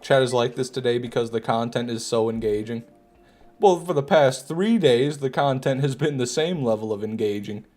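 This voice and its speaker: A young man with a Michigan accent talks casually over his gameplay and answers his chat with teasing, mock-outraged banter. His pitch sits in a middle range, with faint music under his voice. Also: normal speed, a little mellow. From Michigan, USA. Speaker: streamer reading chat. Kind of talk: casual live-stream commentary.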